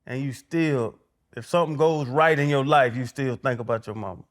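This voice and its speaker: A man hosting a podcast, speaking in a quiet, reflective way. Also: mid-range voice, moderate pace. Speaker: podcast host. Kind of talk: candid podcast conversation.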